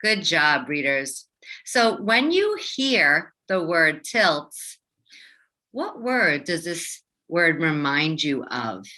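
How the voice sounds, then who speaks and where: A woman teaching young children in a slow, carefully enunciated voice that swings widely in pitch. Her tone is bright and a little low for a woman. She sounds like a patient classroom teacher stretching out every sound. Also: big pitch swings. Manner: slow, clearly enunciated, sing-song teacher voice. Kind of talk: children's phonics lesson.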